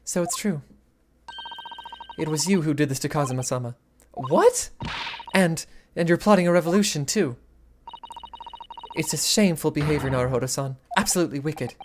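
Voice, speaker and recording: A woman voicing an eager, formal young female assistant from a game, set a little higher than her own voice. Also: animated, normal speed, long pauses, background noise. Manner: prim and formal.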